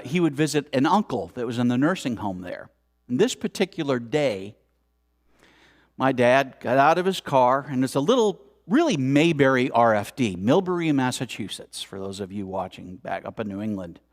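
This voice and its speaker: A man giving a storytelling sermon at a spiritual center, acting out the scenes with exclamations. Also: mid-range voice. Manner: animated, acts out scenes with exclamations. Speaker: speaker at a spiritual center service.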